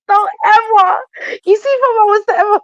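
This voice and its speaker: A woman's voice: very high-pitched, a bit bright, dull audio. A woman on a live online panel who laughs a lot and protests playfully at crude jokes. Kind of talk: casual panel banter.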